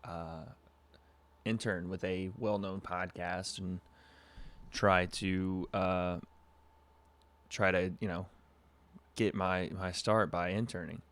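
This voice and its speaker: A man's voice: deep voice, fairly even intonation, takes it slowly, pauses often, fairly bright tone. A young man from Southern California hosting a podcast livestream, telling a rambling story with lots of fillers, on a webcam mic. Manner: laid-back, rambling with frequent fillers and laughs. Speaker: podcast host.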